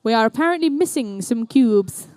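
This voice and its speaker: Woman, New Zealand accent, high voice, live competition commentary, playful jokey emcee, dry close sound. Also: expressive, moderate pace, a little mellow, no room sound. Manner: playful, chatty, jokey asides to the crowd. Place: indoor competition venue.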